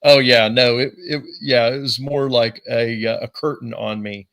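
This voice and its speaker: A man hosting a podcast, relaxed and chatty, with lots of fillers. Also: medium pitch, normal speed. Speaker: podcast host. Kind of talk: casual podcast chat.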